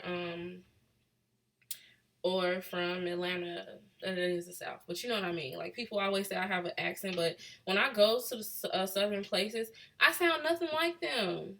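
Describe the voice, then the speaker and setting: In a fairly bright voice on the low side, at normal speed, a young Chicago-accented woman casually answers her live chat. The vlogger, from Chicago, USA, reads out questions and laughs along the way.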